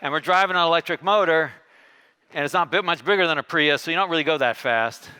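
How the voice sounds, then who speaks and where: A man giving a keynote talk on a conference stage, telling a story and acting out the dialogue with lively shifts in tone. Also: fairly high pitch, fast talker, smooth. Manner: animated, acts out dialogue with shifting tones. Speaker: keynote speaker.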